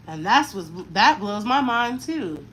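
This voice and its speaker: A woman in her thirties with a fairly high voice chats casually while she styles hair. She talks frankly in slang and drifts into lively tangents. A faint noise sits under her voice. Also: poor audio. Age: 30s. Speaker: mother doing her daughter's hair on camera.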